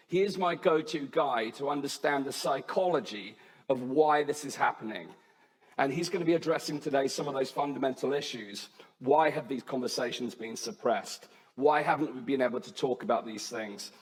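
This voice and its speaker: A man with a husky voice, heard with long reverb in a large hall, hosts an event. He introduces the first speaker earnestly, building his case with a string of questions. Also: mid-range voice, normal speed. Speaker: event host.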